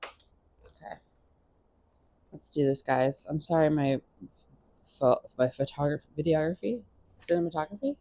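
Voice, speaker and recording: A woman's voice: sits low, lively intonation, normal speed, dark tone. A tired woman vlogging at home, rambling and self-deprecating while she eats and gets ready to leave. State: tired, eating while talking. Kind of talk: casual vlog chat.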